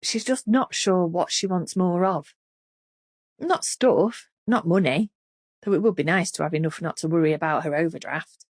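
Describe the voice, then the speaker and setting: A woman reading an audiobook thriller in an expressive, scripted narration. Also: fairly low pitch, moderate pace, breathy edge, no room sound, clean studio sound.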